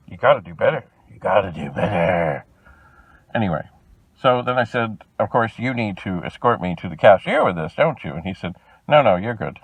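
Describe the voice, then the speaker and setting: Animated man telling an exasperated story. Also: fairly low pitch, no room sound, poor audio. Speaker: video host. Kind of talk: storytelling vlog.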